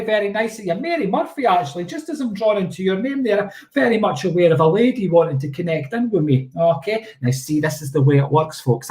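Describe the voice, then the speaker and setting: A man's voice: sits high, roomy sound. A man working as a psychic medium, giving chatty, playful live-stream readings and often checking in with "okay?".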